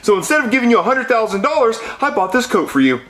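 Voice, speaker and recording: A man's voice: very high-pitched, sing-song, quick pace, fairly bright tone, full character voice. A man voicing a wealthy, oblivious cat owner in a puppet comedy. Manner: cheerful, oblivious, talks about money. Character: rich, clueless male cat owner. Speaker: puppet character.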